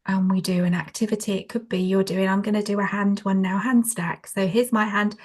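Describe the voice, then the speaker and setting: Gravelly-voiced woman explaining techniques. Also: medium pitch, normal speed. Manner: practical, animated, many fillers and restarts. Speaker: trainer, guest. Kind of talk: conversational interview.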